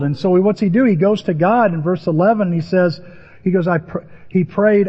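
High-voiced preacher in a big hall. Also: male voice, fairly quick, husky. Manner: animated, acts out biblical voices with rising pitch. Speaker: pastor. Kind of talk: sermon. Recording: muffled sound in a reverberant hall.

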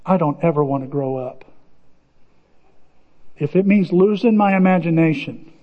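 A man preaching a sermon as pastor, retelling movie scenes with lively acted-out voices. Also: a little high, normal speed. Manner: animated storytelling, acting out movie scenes in voices. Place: church sanctuary. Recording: muffled recording with long hall reverb.

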